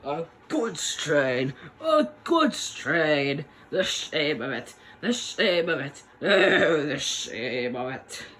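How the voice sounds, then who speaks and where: A man voicing a pompous, proud big male steam engine, wailing in drawn-out, shouted indignation. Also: a little high, sing-song, exaggerated voice. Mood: indignant.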